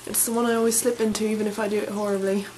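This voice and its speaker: A woman's voice: mid-range voice, little pitch movement, racing, a little mellow, slight background noise, low-quality recording. Chatty young woman vlogging. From Colorado, USA. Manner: chatty, rambling, enthusiastic. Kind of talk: casual vlog answering questions.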